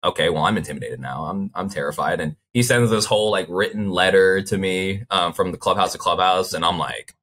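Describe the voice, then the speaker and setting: A young man with a low, bright voice chats as a guest on a sports talk show. He rambles through stories, leaning on "like" as he goes. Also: a little fast, hardly any pauses. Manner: rambling storyteller, frequent "like" fillers. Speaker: baseball player guest. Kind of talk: casual interview chat.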